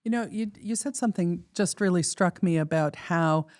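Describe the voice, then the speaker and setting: A podcast host asking thoughtful questions and affirming the guest in a measured way. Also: medium pitch, a little mellow, no room sound, studio quality. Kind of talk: conversational interview.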